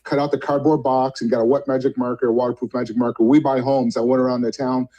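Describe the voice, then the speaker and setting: A man in his fifties with a mellow, relaxed tone, talking through a video call. He rambles and corrects himself, slipping into quick bits of dialogue as he tells his story. His pitch sits in an ordinary middle range. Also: lo-fi sound. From Vermont. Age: 50s. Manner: rambling, self-correcting, acts out phone dialogue. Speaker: guest speaker.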